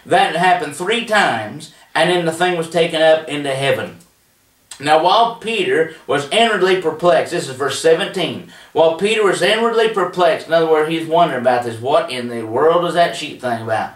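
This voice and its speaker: A man's voice: fairly high pitch, expressive, normal speed. A man teaching a televised Bible study in a plainspoken, folksy way, with frequent fillers and restarts. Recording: roomy echo, voice a bit distant from the mic.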